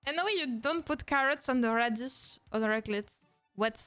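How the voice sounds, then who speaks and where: A woman's voice: on the high side, moderate pace, fairly bright tone, soft background music. A young French woman streaming with a French accent. She chats casually in a playful, mock-indignant way, laughs often and speaks English as a second language. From France. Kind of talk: casual react-stream chat.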